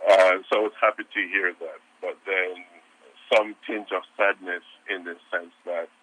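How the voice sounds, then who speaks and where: A man, a history professor, answering interview questions in a halting way with many repeated words. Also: low-pitched, steady tone, narrow, tinny audio.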